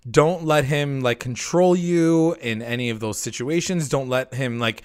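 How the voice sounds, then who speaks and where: A man's voice: medium pitch, measured pace, clear, resonant tone. Chatty man recapping a show. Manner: animated, acts out quoted lines in mocking voices. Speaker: podcast co-host recapping a TV episode. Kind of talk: casual chat.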